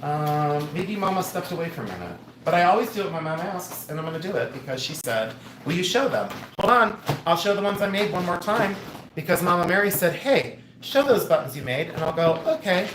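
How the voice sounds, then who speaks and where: A man's voice: fairly high pitch, a bit bright, a little hiss or hum. A middle-aged man hosting a casual livestream from home, chatty and playful, reading viewer comments aloud. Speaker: livestream host.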